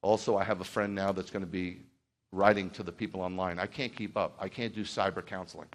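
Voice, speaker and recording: A man's voice: deep voice, fairly even intonation, fairly quick. A middle-aged man preaching as a pastor in a church, heartfelt and rambling at first, then building to fervent exhortation. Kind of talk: sermon.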